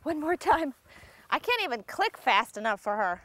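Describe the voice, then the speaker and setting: A woman's voice: high voice, very animated, moderate pace, fairly bright tone. A woman working as a dog agility trainer outdoors, coaching and explaining as she works a dog, breaking into squealing praise and frequent laughter.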